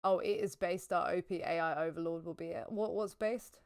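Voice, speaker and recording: A woman's voice: fairly low pitch, brisk, a little mellow. A woman streamer reacting to a debate while gaming, blurting out exclamations and swearing, then arguing back at the speakers.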